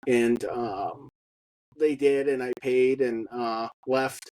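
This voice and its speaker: Halting man telling a raw personal story. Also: medium pitch, steady tone, a little mellow, no room sound, poor audio. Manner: halting, with many fillers and blunt profanity. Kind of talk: personal testimony monologue.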